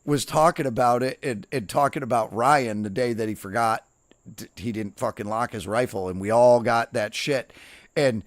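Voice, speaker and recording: A man's voice: medium pitch, moderate pace, no echo, clean studio sound. Profane man telling boot camp stories. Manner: profane, animated anecdotes with quoted dialogue. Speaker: streamer. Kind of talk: casual storytelling while gaming.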